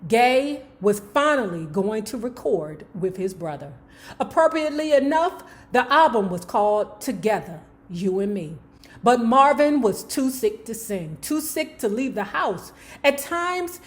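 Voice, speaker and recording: A woman's voice: fairly high pitch, big pitch swings, a little slow. A woman hosting her channel, reading a book aloud and breaking off into slangy, playful asides to her viewers. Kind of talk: book reading with casual commentary.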